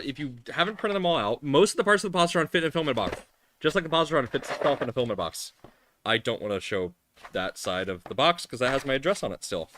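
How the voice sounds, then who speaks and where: A man's voice: mid-range voice, fairly bright tone, slight background noise. A man hosting a casual live stream from a home workshop, talking in a rambling way with lots of fillers and restarts. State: tearful at times. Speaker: live-stream host building a 3D printer.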